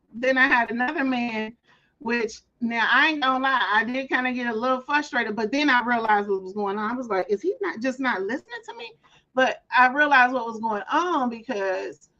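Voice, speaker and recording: A woman's voice: on the high side, pushed and bright, muffled recording. A woman hosting a casual craft livestream, chatting and telling stories, sometimes acting out voices. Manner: chatty storyteller, acts out callers' voices. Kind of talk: casual chat.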